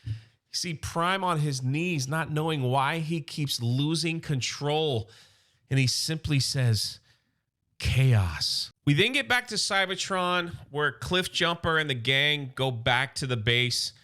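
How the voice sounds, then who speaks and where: A man casually recapping a comic book story for his channel, excitable and loose, with quick asides. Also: on the high side.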